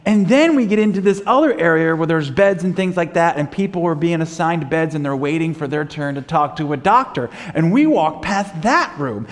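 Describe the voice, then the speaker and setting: A man's voice: a little high, expressive, moderate pace, hardly any pauses. A man preaching a sermon, telling a story with casual fillers and then building to fervent, emphatic preaching. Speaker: pastor. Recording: long hall reverb.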